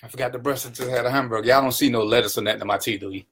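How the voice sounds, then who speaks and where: A man's voice: medium pitch, steady tone, rapid-fire, fairly bright tone. A man hosting his own live stream, greeting viewers by name and teasing them in casual, playful banter. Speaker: livestream talk show host.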